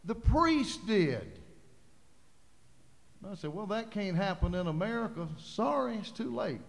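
A man preaching a sermon in a church, impassioned, building to loud, fervent preaching. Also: high voice, brisk, vocal fry. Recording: hall reverb.

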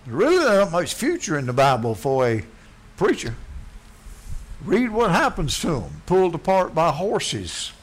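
A man preaching a blunt, folksy sermon, dropping to quiet asides and then yelling. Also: fairly high pitch, huge pitch swings, unhurried. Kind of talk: fiery sermon.

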